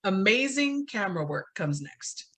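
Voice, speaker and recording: A woman's voice: medium pitch, moderate pace. A woman co-hosting a podcast, recapping a film plot in casual chat and laughing often. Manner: animated storytelling, laughs often. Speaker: podcast co-host.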